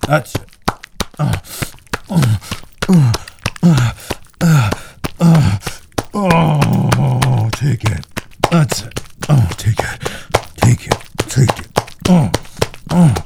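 Gravelly, dominant man in audio role-play. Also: medium pitch, very noisy. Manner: dominant and commanding, heavy breathing.

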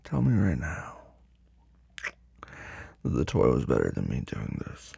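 Casting: low, gravelly, husky man for a slow, commanding role-play, drifting into whispers. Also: huge pitch swings, dark tone, dry recording. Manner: commanding and teasing; drops to a whisper at times. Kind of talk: dominant audio role-play.

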